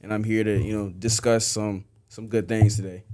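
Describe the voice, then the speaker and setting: A man's voice: lowish voice, little pitch movement, moderate pace, very noisy. A man from Southside Richmond, Virginia, a guest on a podcast, chatting casually and explaining himself at length.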